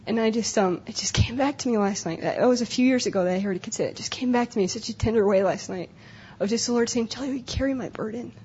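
A woman's voice: on the high side, quick pace, hardly any pauses, warm tone, a little hiss or hum. A young adult woman speaking at a conference breakout session, earnest and emotional, often repeating herself. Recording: dull lo-fi live recording.

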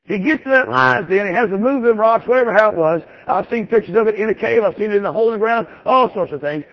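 Talking at a quick pace in a creaky voice that's high for a man, a preacher delivers a folksy, forceful sermon built on repetition. The recording sounds dull and dry, with no room sound at all.

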